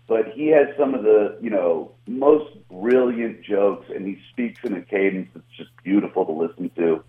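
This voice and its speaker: A young adult man from Atlanta with a slight Southern US accent, a guest comedian chatting in a casual interview, animated and self-mocking, heard over a phone line. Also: on the low side, normal speed, few pauses. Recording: tinny phone line, echoey.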